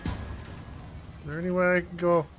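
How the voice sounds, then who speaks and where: A man commenting on his own horror game playthrough, exasperated and swearing often as he yells at the game. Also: high voice, flat delivery, moderate pace, faint music behind. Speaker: gameplay commentator. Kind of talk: let's play commentary.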